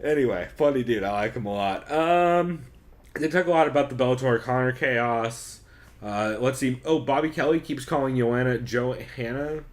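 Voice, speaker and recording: A man's voice: mid-range voice, normal speed. A man co-hosting a podcast, chatting casually, swearing a lot and laughing often as he recaps shows. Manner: profane, joking, laughs often. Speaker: podcast co-host.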